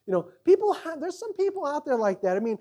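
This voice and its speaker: Animated preaching man. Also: very high voice, fast. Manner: animated preaching that acts out quoted voices; swings between loud emphasis and quiet asides. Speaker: pastor. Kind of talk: sermon.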